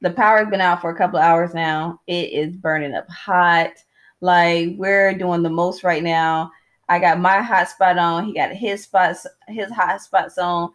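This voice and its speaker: A woman's voice: on the low side, fairly even intonation, unhurried. Chatty woman co-hosting a movie podcast. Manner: chatty, laughs, searches for words. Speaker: podcast co-host. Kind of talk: casual movie review chat. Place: hot room at home during a power cut.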